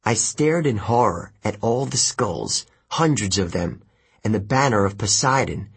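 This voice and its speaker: A man narrating an adventure story in the first person, measured and expressive. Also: lowish voice, vocal fry, husky. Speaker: audiobook narrator.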